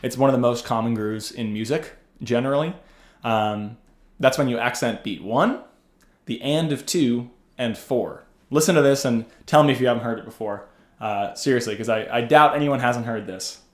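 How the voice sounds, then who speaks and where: Relaxed man teaching in a roomy space. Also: medium pitch, normal speed. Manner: relaxed, loose, with frequent ums and uhs. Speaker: bass teacher. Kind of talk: casual instructional talk. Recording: roomy echo with faint music.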